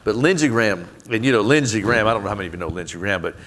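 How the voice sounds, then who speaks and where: A man with a Southern US accent, answering questions earnestly in a public onstage conversation, with folksy, quick quoted asides. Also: lowish voice, lively intonation, a bit bright, a little hiss or hum. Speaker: guest, head of an aid agency.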